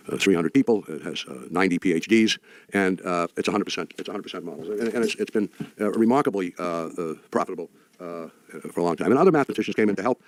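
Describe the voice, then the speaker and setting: Halting, low-voiced older man telling stories. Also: a little mellow, dry recording. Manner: halting, wry storytelling with many restarts. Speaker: speaker addressing an audience. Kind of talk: anecdotal talk.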